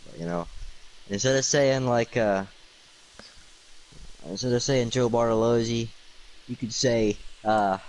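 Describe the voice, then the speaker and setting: A man's voice: mid-range voice, a little slow, long pauses, slight background noise, rough recording. A tired man streaming late at night, rambling through goofy wordplay with lots of ums and uhs. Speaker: livestreamer.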